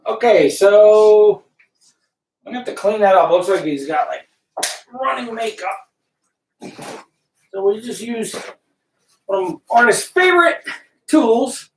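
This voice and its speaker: A man's voice: high-pitched, animated, slow pace, pauses often, distant mic, slight background noise. A man chatting casually during a live painting stream, thinking aloud as he works. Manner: rambling, thinking aloud, greets viewers. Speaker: painter livestreaming. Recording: roomy, from off the mic.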